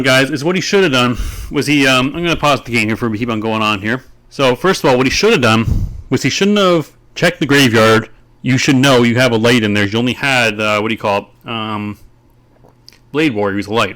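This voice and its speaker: A man's voice: mid-range voice, a bit bright. A man talks through a replay of his card game in casual commentary, ranting and swearing at his opponent's plays. He rambles loosely, trailing off and restarting mid-thought. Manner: frustrated, ranting, profane. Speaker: gameplay commentator. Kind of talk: casual video commentary over gameplay.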